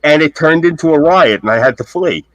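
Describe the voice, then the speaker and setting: A man chatting casually on a live stream, spinning animated stories and acting out the people in them. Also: a little high, fairly quick, dry recording, poor audio. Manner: animated storyteller who acts out the people in his stories. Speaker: guest storyteller.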